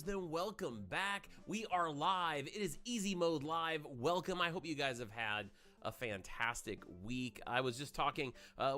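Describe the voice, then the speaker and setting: A man's voice: fairly high pitch, pushed and bright. A man in his forties from Maine hosts a gaming livestream, rambling through chatty stories in a voice trained for FM radio. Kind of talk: casual livestream chat.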